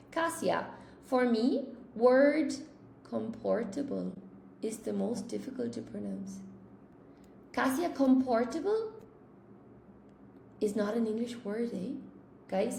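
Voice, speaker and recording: A woman teaching English live, chatty and relaxed as she answers viewers and trips over her own words. Her voice sits a little high with a gravelly edge. She sounds like she is in an echoey room with a faint hiss behind her. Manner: chatty, reads chat questions aloud, laughs at own slips. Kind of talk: live-streamed English lesson.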